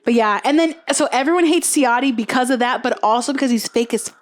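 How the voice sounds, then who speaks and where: Young woman, podcast co-host, slightly high voice, lively gossiping storyteller. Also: fast talker. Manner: animated storyteller, acts out quotes, frequent "like". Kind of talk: casual chat, retelling a reality show.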